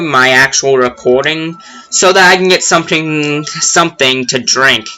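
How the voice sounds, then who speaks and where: A man's voice: mid-range voice, pushed and bright, poor audio. A young man giving casual, rambling let's play commentary with self-deprecating asides. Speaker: gaming channel host.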